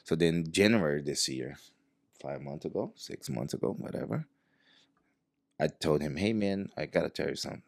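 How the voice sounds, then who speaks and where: A man's voice: a bass voice, normal speed, vocal fry, dry recording, studio quality. A man, a jiu-jitsu professor telling a story in casual talk, acting out the dialogue as he goes. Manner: animated, acts out quoted dialogue.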